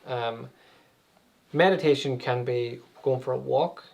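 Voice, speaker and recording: Gravelly man explaining calmly. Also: medium pitch, slow pace. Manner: conversational, uses everyday examples. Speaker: meditation and anxiety coach. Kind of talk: interview guest explaining.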